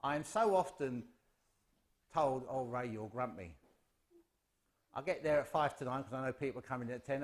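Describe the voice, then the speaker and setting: An English man giving a chatty, self-deprecating, humorous address at a spiritualist service. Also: mid-range voice. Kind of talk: informal humorous address to a congregation.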